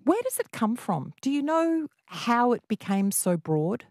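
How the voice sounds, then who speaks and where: A woman's voice: a little high, very animated, a little slow, a little mellow, no echo. A woman hosting a radio phone-in, chatty and teasing as she talks to listeners and guests. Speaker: radio host.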